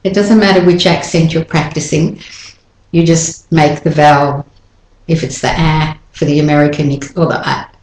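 A woman teaching an English pronunciation lesson, saying words slowly and repeating each one for the listener to copy. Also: low voice, steady tone, darkish tone, roomy sound, low-quality recording.

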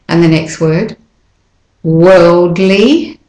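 A woman teaching pronunciation, saying each word twice with careful, clear articulation. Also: on the low side, unhurried. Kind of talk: slow, careful pronunciation lesson. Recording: roomy echo.

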